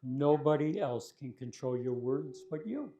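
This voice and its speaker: A man voicing wisdom as a calm, guiding inner voice in a children's story. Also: medium pitch, unhurried, roomy sound, natural voice.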